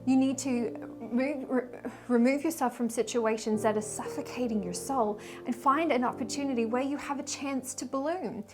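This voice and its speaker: Emotional, rambling woman, fairly high voice. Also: normal speed, hardly any pauses, music in the background. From Australia. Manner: emotional, rambling, with sighs and soft laughs. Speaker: tarot reader and spiritual guide. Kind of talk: casual weekly tarot reading.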